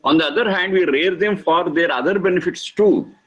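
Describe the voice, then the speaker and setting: A man teaching a lesson on scripture, speaking slowly and emphatically, repeating key words for stress. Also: sits high, fairly bright tone, slightly rough, muffled recording. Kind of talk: lecture explaining scripture.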